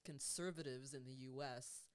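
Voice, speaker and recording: A woman's voice: very deep voice, steady tone, normal speed. A woman life coach co-hosting a podcast, chatting casually, laughing often and swearing now and then.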